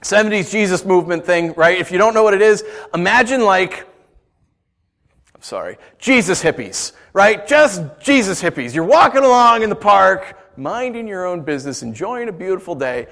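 A man preaching a sermon, conversational and animated, with playful asides to the congregation. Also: high-pitched, moderate pace, gravelly. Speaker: pastor.

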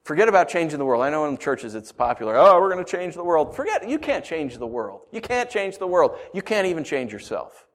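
Pastor guy w a kinda high voice, goes quiet then loud, lots of rhetorical questions and little stories. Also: very animated, a little fast, hardly any pauses. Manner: dramatic, swinging from hushed to emphatic; rhetorical questions, storytelling asides. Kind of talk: sermon.

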